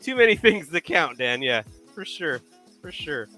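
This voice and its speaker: A man co-hosting a live painting stream, telling stories in a loud, animated way and laughing often. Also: a little high, normal speed, soft background music. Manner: animated storyteller, acts out yelling, laughs a lot. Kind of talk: casual chat, telling stories.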